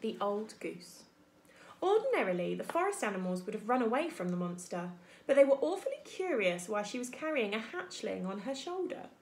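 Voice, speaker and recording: A woman teacher reading a children's book aloud in an expressive storytelling manner. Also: fairly high pitch, brisk. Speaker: primary school teacher.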